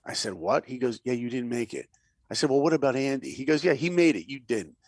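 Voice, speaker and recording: A man spins animated stories as an interview guest, his voice gravelly and swinging widely in pitch. He acts out the people in his anecdotes and sometimes drops to a whisper to drive a point home. The sound is dry and close. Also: quick pace, no echo. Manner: lively storyteller, acts out quotes, drops to a whisper for emphasis. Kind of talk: animated storytelling in a podcast interview.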